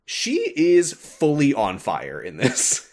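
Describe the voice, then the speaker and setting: A man in an easygoing podcast chat, recapping a video game's story. His voice sits at a middling pitch, and he rambles through hesitations and fillers, often breaking into laughter. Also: huge pitch swings, slow, a little mellow. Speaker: podcast host. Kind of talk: casual chat recapping a game.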